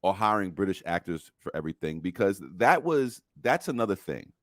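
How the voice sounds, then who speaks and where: Male co-host, very deep voice, rambling delivery, searches for words, dry sound. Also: sing-song, brisk, no echo. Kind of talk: casual chat.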